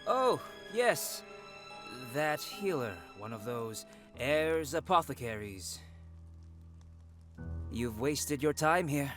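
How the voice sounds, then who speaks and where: A man's voice: on the high side, very animated, slow, pauses often, a bit bright, soft background music, heavily acted. A man voicing a rude, greedy schemer in a video game, with a sneering, mocking manner. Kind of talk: game voice acting.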